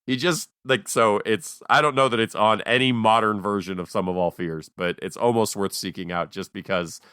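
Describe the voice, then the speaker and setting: A man co-hosting a podcast, telling a story in an animated way with dry, sarcastic asides. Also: on the low side, moderate pace, smooth, no echo. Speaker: podcast co-host. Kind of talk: casual chat.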